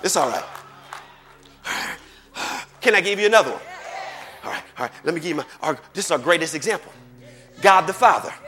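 A man preaching a fervent sermon, repeating phrases, calling for the congregation's responses and rising into shouts. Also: a little high, expressive, a little fast, long pauses, faint music behind, some chatter behind.

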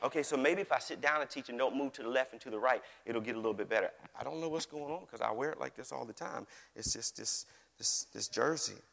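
A man's voice: mid-range voice, fast, gravelly, fairly bright tone. A man preaching a sermon as pastor, folksy and joking, calling on the congregation to answer back. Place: large church hall. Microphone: microphone on stage. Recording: long hall reverb.

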